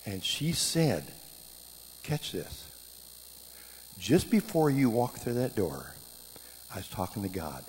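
A middle-aged man giving a sermon, telling stories with lively quoted voices. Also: fairly low pitch, takes it slowly, pauses often. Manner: animated storytelling, voices quoted speakers. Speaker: preacher teaching marriage classes. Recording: long hall reverb, faint background noise.

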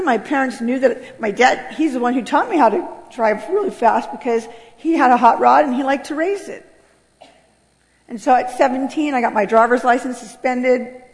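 Gravelly woman in a reverberant hall. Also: high-pitched, normal speed. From United States. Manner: earnest storytelling with emotional swells. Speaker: speaker giving a testimony. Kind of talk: personal testimony.

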